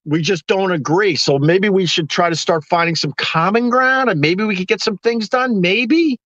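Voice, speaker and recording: A man's voice: high voice, moderate pace, a bit bright, no room sound, lo-fi sound. A man hosting a live stream, ranting with sarcastic exasperation to the people watching.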